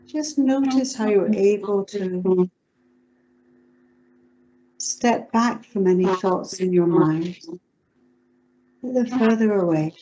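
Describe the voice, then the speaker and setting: A woman psychotherapist leading a guided relaxation exercise over a video call, giving slow, soothing instructions. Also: medium pitch, mellow, lo-fi sound, a little hiss or hum.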